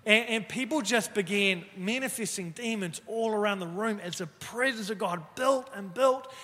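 A man, a pastor, telling a personal story in an animated way and acting out the voices of the people in it. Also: high voice, moderate pace, long reverb tail. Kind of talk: storytelling talk.

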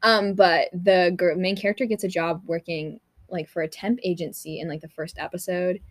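A woman's voice: fairly low pitch, steady tone, moderate pace, dry recording, studio quality. A young woman co-hosting a podcast, chatting casually and rambling with lots of fillers. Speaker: podcast co-host. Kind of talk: casual chat.

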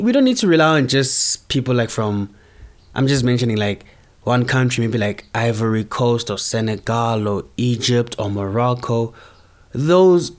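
Rambling young man, casual slang. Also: medium pitch. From South Africa. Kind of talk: casual monologue.

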